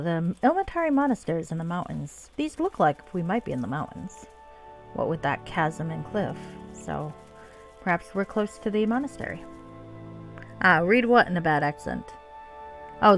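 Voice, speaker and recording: A woman's voice: lowish voice, lively intonation, moderate pace, soft background music. A woman streamer casually talking through a game and reading its dialogue aloud. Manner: chatty, reads dialogue aloud, laughs easily.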